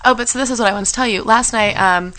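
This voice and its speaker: Brief: young female radio co-host, quick and bright, lively storyteller. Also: a little high, poor audio. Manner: chatty storyteller, acts out quotes. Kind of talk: casual chat.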